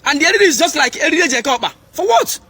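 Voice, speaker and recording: A man with a Nigerian accent rattles off angry complaints in a high, quick, bright voice. He threatens and scolds a tailor in a comedy phone skit. The sound is close and dry. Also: lively intonation, dry recording. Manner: irate, threatening.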